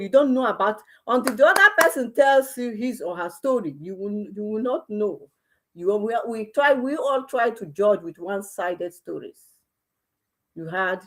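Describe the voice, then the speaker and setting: A woman with a Nigerian Igbo accent talks passionately into a livestream. She mixes quiet, grieving lines with sudden loud cries. Her voice sits at an ordinary middle pitch. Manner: impassioned, swings between soft lament and loud outbursts. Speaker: livestream host. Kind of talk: emotional livestream commentary.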